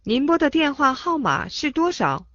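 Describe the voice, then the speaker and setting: Animated woman, slightly high, sing-song lesson reading. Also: normal speed, no echo. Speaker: Chinese phrase reader. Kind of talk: scripted phrase reading. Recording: dull dry studio sound.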